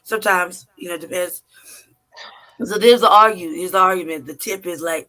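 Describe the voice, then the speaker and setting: A man with a high, bright, forceful voice spins a story in loose, casual conversation. He rambles, swears freely and leans on fillers like "you know" and "like.". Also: normal speed. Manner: animated, profane, rambling with frequent fillers.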